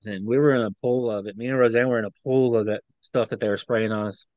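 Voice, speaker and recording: Smooth-voiced man recalling events. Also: mid-range voice, steady tone, a little mellow, dry recording. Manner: earnest, halting, emotional retelling. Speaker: interview guest, eyewitness. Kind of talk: personal recollection in an interview.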